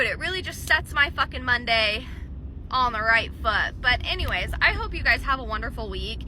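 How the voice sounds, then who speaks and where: A woman's voice: fairly high pitch, animated, normal speed, sharp tone. A woman venting in a vlog from her car in traffic, frustrated and swearing, rambling with many fillers. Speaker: vlogger. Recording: noisy car recording.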